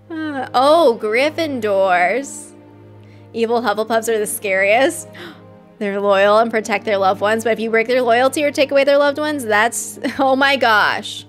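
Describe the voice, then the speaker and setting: A woman hosting a live stream, reacting excitedly to a game trailer, gushing and laughing often. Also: a little high, measured pace, long pauses, soft background music. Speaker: host.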